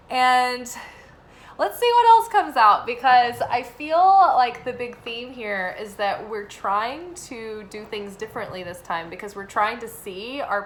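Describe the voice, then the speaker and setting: Young woman rambling thru a reading, lots of likes, bright voice. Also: on the high side, poor audio. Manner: rambling, filler-heavy, animated when quoting. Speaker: tarot reader. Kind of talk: casual spoken reading and storytelling.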